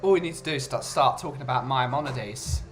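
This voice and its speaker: A man's voice: mid-range voice, brisk, soft background music. A man hosting a casual chat who jokes and rambles about food and culture. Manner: jokey, rambling. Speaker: host.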